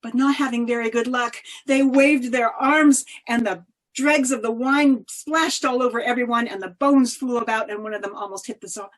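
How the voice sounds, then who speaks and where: A woman telling a folk tale over a video call, expressive, with dramatic swings of loudness. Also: fairly high pitch. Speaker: storyteller. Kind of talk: oral folk-tale storytelling.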